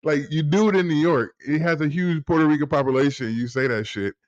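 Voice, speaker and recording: A man hosting a casual political chat with his father, talking in an animated, rambling and profane way. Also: on the high side, fairly quick, dull audio. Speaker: host, son.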